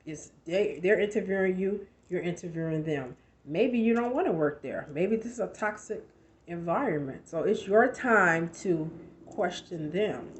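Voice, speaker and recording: A woman in her thirties giving a conversational motivational talk, emphatic and full of rhetorical questions. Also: on the low side. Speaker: motivational speaker.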